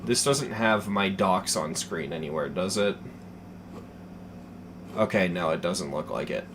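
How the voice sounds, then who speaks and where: A young man chatting casually as a streamer, telling a story with lots of swearing, dropping to mumbles and then getting excited. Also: low-pitched, measured pace, noisy background. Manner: animated, profane, swings between mumbling and excited.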